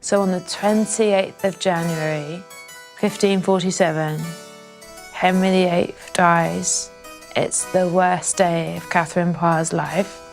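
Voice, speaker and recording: A woman's voice: lowish voice, fairly even intonation, takes it slowly, faint music behind. A woman telling a comic history story in a rambling, cheeky, casual way.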